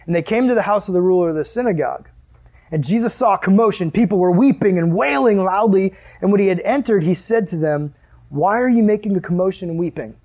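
Male pastor with a high voice, giving a casual, storytelling sermon. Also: animated, fast, darkish tone. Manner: conversational, acts out the scenes he tells.

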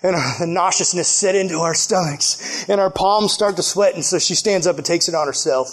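A young man with a high, light voice gives a laid-back youth sermon. He tells the story in a loose, joking way and laughs at himself often. He talks like a casual storyteller at a church gathering. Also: normal speed. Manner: animated, jokey, self-deprecating with frequent laughs. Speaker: youth pastor.

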